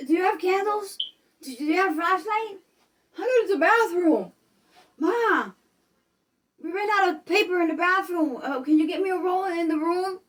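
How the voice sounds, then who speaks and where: A woman putting on a frantic grown child, pitched far above her usual speech and loud, stammering and whining as each new worry comes up. The voice sits a bit back from the mic. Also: expressive, normal speed. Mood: panicky. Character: panicky grown child begging mom for help.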